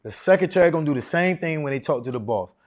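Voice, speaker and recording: A man's voice: a little high, animated, fast. Confident man teaching a live seminar. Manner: casual, confident, quizzes the audience with rhetorical questions. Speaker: seminar speaker teaching contracting. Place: live event room with an audience.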